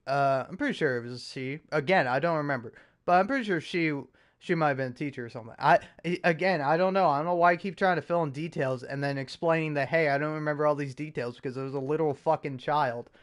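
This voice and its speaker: Profane rambling young man, smooth voice. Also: a little high, fast. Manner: rambling, profane, self-mocking storytelling with frequent restarts. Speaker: podcast host. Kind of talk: casual chat.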